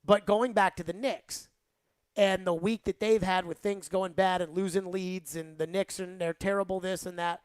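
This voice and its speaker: A woman's voice: on the low side, steady tone, moderate pace, a little mellow, smooth, no room sound. A woman hosting sports talk radio, giving rambling, emphatic opinions and saying "like" a lot.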